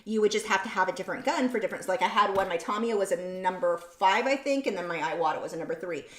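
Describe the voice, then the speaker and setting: A woman hosting a casual painting livestream, chatting in a rambling way and correcting herself mid-sentence. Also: mid-range voice. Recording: roomy room sound.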